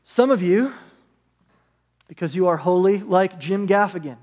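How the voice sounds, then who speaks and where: Earnest high-voiced preacher in a reverberant hall. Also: male voice, animated, measured pace, darkish tone. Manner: earnest, builds through repeated parallel phrases. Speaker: pastor. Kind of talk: sermon.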